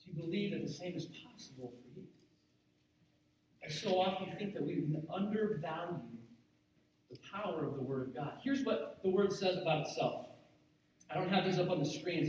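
A man's voice: sits high, a little mellow, a little hiss or hum. A man preaching a sermon as pastor, earnest and building to emphatic repetition. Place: church sanctuary. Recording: very echoey hall, mic at a distance.

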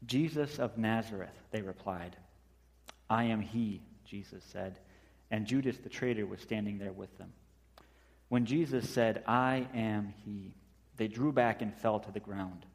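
A man's voice: fairly low pitch, unhurried, in a large hall. A man preaching as pastor, reading scripture and then retelling a story vividly, acting out the quotes.

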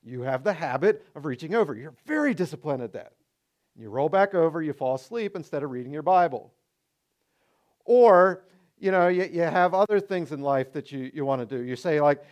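A man delivers a sermon from the pulpit. His voice sits notably high for a man, and he is animated, acting out the excuses of his listeners in shifting tones to drive home his points. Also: a little fast. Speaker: pastor.

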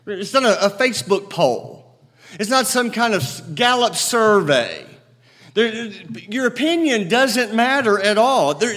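Emphatic preacher in a reverberant hall. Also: male voice. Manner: emphatic, swings from loud declaring to low quiet storytelling. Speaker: pastor. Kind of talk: sermon. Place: church sanctuary.

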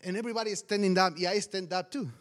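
A man, a pastor and missionary, telling a testimony story in animated, non-native English, laughing often along the way. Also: high voice, fast talker.

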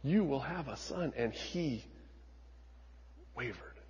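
A man preaching a sermon as pastor, retelling scripture dramatically, moving from hushed lines to emphatic ones. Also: medium pitch, lively intonation, slow, husky, big-room sound, lo-fi sound.

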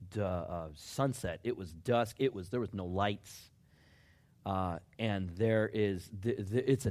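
A middle-aged man preaching as a pastor, telling a story with lively swings of pitch and volume. He acts out the voices in it, rising to high shouts and then sinking to a low, hushed tone. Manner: animated, acts out quotes, shouts at peaks then drops low. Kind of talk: sermon storytelling.

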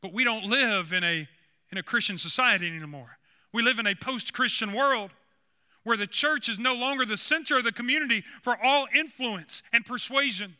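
A man's voice: extremely high pitch, normal speed, sharp tone, clear, resonant tone. A man preaching a sermon as pastor, earnest and building to emphatic points.

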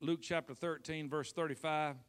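A man preaching a lively sermon, calling out to the congregation and acting out scripture scenes. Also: fairly high pitch, moderate pace, smooth. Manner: animated, calls for responses, acts out scenes.

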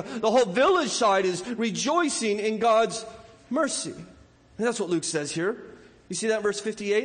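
A man's voice: high voice, long reverb tail. A man preaching a sermon in a conversational way, often repeating words and playfully acting out the voices of people in the story. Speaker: pastor.

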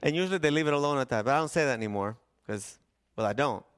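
A man's voice: medium pitch, lively intonation, rapid-fire, fairly bright tone, clean tone. A middle-aged man, a pastor, preaching a sermon in a conversational storytelling way with acted-out quotes.

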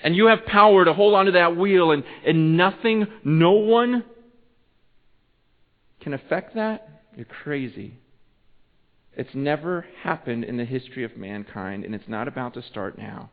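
A male pastor delivering a sermon, swinging between loud urgent preaching and hushed, intimate passages. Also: a little high, lively intonation, measured pace. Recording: tinny phone-like sound with long hall reverb.

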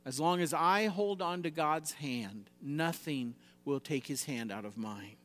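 A man with a high voice delivers a sermon in an emphatic way. He swings from loud, rising exhortation down to quiet, low lines. The sound carries a long hall reverb. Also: unhurried, a little hiss or hum. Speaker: preacher.

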